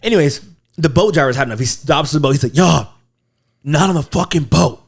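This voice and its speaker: A man's voice: a little high, a little fast, vocal fry, slightly rough. A man co-hosting a comedy podcast, telling a rowdy story in a casual way, acting out his friends' lines and swearing often. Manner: animated, acts out quotes, frequent swearing. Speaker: podcast co-host.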